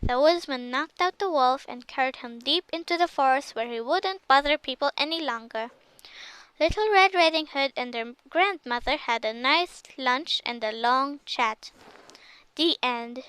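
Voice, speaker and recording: High bright woman reading a fairy tale. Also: measured pace, no echo, poor audio. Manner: lively expressive storytelling. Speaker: storybook reader. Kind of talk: reading a children's story aloud.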